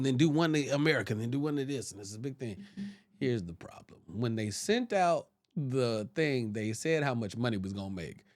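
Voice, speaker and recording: A man guesting on a podcast, telling stories casually and jumping into loud, high voices when he quotes people. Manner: animated, jumps into loud high voices when quoting people, restarts often. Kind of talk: casual storytelling. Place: podcast studio.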